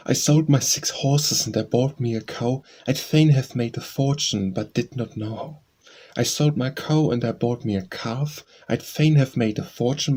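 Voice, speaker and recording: A man's voice: medium pitch, a little mellow. A man reading nursery rhymes aloud as an audiobook, in a sing-song, rhythmic recitation. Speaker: audiobook reader.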